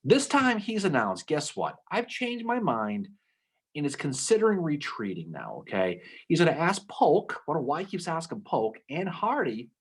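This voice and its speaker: A man co-hosting a casual history podcast, telling the story with lively acted-out quotes and frequent "okay?" asides. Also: fairly high pitch, normal speed, few pauses, breathy edge. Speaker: podcast co-host.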